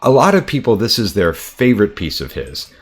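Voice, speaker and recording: An American man, an artist and art teacher, talking casually to camera in his studio, relaxed and chatty with frequent ums. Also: lowish voice, a little fast, husky. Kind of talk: casual explanatory talk to camera.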